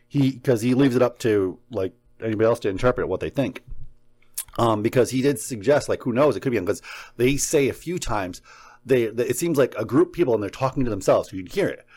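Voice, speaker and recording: A man co-hosting a casual chat, telling a story in an animated, excitable way and swearing now and then. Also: medium pitch, a little fast. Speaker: podcast co-host. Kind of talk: casual chat about paranormal recordings.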